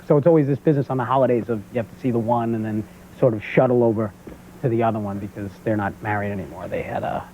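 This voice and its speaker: A man in his thirties with a New York accent, a comedian guest on a talk show telling stories and jumping into loud character voices. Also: on the low side, steady tone, fast. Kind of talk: talk show stand-up storytelling. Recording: tinny phone-like old VHS audio with faint hiss.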